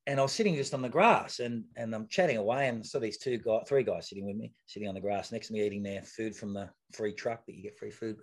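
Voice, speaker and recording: A man's voice: on the low side, fast, few pauses. Chatty man telling a story. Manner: lively storyteller, chatty, frequent restarts and repeated words. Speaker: podcast guest, retired athlete. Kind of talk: casual anecdote telling in a podcast interview.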